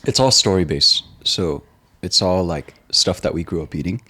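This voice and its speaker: A man being interviewed as a guest, talking in a relaxed, laid-back way with frequent ums. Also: deep voice, normal speed, breathy edge. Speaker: restaurant co-founder guest. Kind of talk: casual interview chat.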